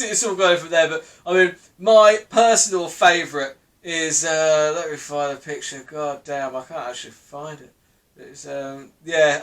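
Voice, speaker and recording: A man's voice: a little high, a bit bright. A young man hosting a casual solo commentary show, rambling and laughing, swearing freely as he talks. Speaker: podcast host.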